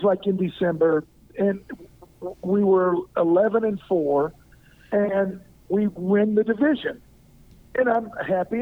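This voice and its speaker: High-voiced older man on a tinny phone line. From Arkansas. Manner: lively anecdotal storyteller who acts out quoted lines. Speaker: guest, former pro football player. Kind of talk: interview storytelling.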